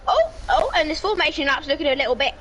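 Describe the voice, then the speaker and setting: A woman co-commentating a sim race live, excitable, cheering drivers on and gasping at close finishes. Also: sits high, quick pace, lo-fi sound, a little hiss or hum.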